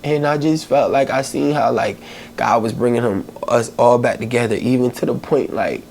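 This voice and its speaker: A man hosting a podcast, telling a heartfelt personal story in a halting way, with many pauses and fillers, holding back tears. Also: medium pitch, vocal fry, a little mellow, a little hiss or hum. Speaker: podcast host.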